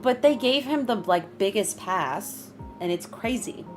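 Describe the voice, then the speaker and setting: A young woman streams a game and chats casually with viewers, greeting them by name and breaking into bursts of high laughter. Her intonation is lively and her pace a little slow, with music playing in the background.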